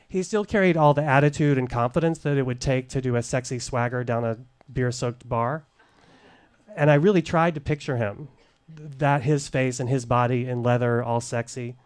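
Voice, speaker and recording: Speaking into a stage mic at a live showcase, a middle-aged storyteller who once worked as a case manager shares something candid from his life. His medium-pitched voice is smooth, and his delivery is measured and dryly humorous.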